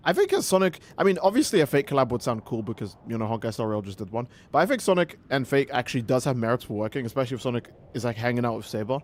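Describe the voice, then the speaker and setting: A man hosting a game livestream, chatting casually and ranting in an animated, profane, exasperated way. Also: medium pitch, very fast, few pauses. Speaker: livestream gamer host.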